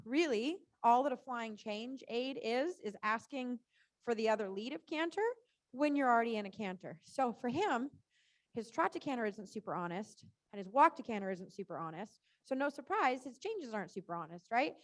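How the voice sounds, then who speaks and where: A woman's voice: fairly high pitch, lively intonation, normal speed, dry recording. A woman riding instructor coaching a rider through a live lesson, chatty and encouraging, often saying "right?" and "good".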